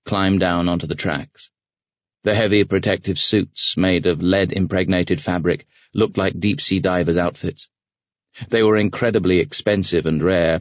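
A man narrating an audiobook in a measured, even reading voice, recorded close in a studio. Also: sits low, dry recording. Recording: dry, slightly dull studio recording.

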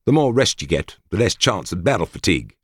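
A blunt soldier who chips in with brief remarks, as a man reads him in an audiobook. The voice is deep and husky, with a lively pitch. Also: a little fast, no room sound, clean studio sound, exaggerated voice. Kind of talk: audiobook character voice.

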